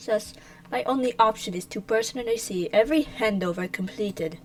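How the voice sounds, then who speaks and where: A woman's voice: fairly high pitch, moderate pace, a little mellow, dry recording, lightly acted, rough recording. A woman playing a formal, menacing male noble official in an amateur fan dub.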